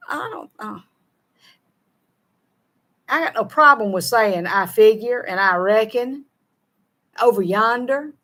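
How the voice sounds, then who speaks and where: A middle-aged woman with a Southern American accent, chatting casually as a show co-host, folksy, laughing often and running her words together. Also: medium pitch. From Southern United States. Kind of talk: casual chat reading viewer comments.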